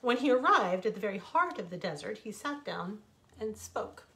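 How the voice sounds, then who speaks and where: A woman author reading her own fables aloud, expressive and reflective. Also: medium pitch, moderate pace, gravelly. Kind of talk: storybook reading.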